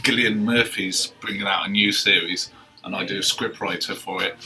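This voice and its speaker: Man, casual podcast co-host, low voice, off-mic, dry teasing. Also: fairly even intonation, moderate pace, recorded from a distance. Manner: wry, teasing interjections. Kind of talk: casual chat.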